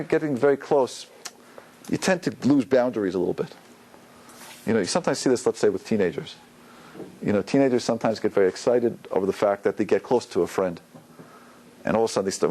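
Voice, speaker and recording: A rabbi giving an informal, conversational Torah lecture to a class, using many fillers and acting out quoted lines. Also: male voice, mid-range voice, a little mellow, slight background noise, rough recording. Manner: conversational, loose with fillers, acts out quotes with a rising voice.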